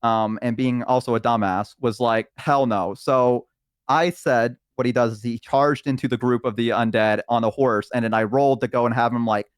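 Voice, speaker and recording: A man tells a story in a rambling way, with plenty of fillers and restarts. His voice sits at a middle pitch. The recording is close and dry. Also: no room sound. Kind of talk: casual chat.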